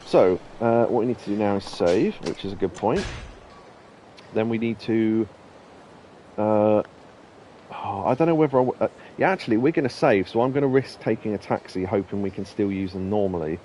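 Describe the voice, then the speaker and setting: A man's voice: fairly low pitch, normal speed, warm tone, slight background noise. A man hosting a let's play, talking casually and rambling through anecdotes while he plays. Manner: chatty, rambling, laughs at his own stories. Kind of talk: casual gameplay commentary.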